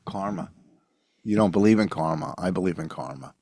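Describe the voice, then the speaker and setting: A middle-aged man co-hosting a podcast, grumbling and defending himself in a gruff, curmudgeonly manner. His voice is lowish, and the sound is dry and close, with no room echo. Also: a little fast, darkish tone. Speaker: podcast co-host, comedian. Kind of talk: casual banter with spouse.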